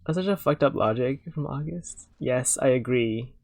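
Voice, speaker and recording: A man's voice: medium pitch, moderate pace, darkish tone. A man talking casually as he reacts to a TV episode, bluntly and with plenty of swearing. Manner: blunt, swears freely, laughs often. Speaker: reaction video host.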